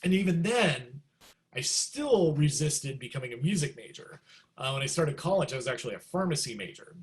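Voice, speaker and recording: The guest, a middle-aged musician, shares stories in an easygoing interview and dramatizes quotes with large pitch jumps. His pitch swings widely overall and his pace runs a little fast.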